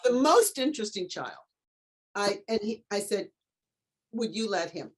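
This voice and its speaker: A middle-aged woman, an author and tutor, telling a story as an interview guest in an animated way and acting out the voices of the people in it. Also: medium pitch, measured pace, breathy edge.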